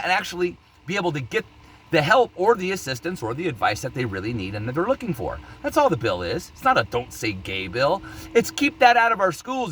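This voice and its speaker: A man's voice: sits high, pushed and bright, husky. A man ranting to camera in a heated opinion vlog, angry, worked up and swearing constantly. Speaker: vlogger.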